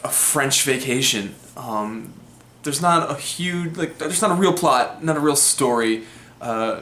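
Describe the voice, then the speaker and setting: A man's voice: mid-range voice, pushed and bright. Young man, casual film review, rambling with fillers, echoey room. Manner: rambling, chatty, lots of fillers. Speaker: film vlog host. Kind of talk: casual movie review monologue. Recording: roomy echo.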